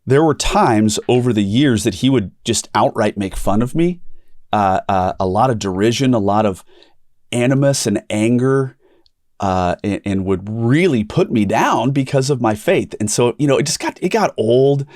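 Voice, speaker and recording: A middle-aged man hosting a ministry podcast, telling a personal story with animated delivery and acted-out quotes. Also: mid-range voice, normal speed, no room sound, clean studio sound. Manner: animated storyteller, acts out quoted voices, repeats words. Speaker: podcast host and pastor.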